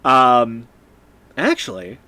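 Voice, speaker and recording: Unhurried male game master. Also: medium pitch. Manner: relaxed, with frequent fillers and small laughs. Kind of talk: narrating a tabletop game. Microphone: streaming microphone.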